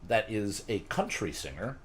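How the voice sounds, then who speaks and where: A man's voice: lowish voice, very animated, moderate pace. A man hosting a casual chat with friends, explaining a list in a chatty way and swearing now and then. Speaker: podcast host.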